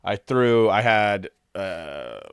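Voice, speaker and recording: A man co-hosting a casual podcast chat, retelling video clips in a lively play-by-play way. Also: lowish voice, drawn-out words, smooth, no room sound, clean studio sound. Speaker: podcast co-host.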